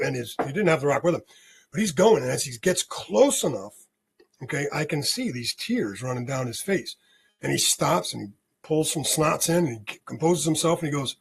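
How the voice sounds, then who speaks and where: A man guest on a spiritual podcast, telling a story in an animated way and often checking in with "okay?". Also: on the high side, moderate pace, creaky, breathy edge.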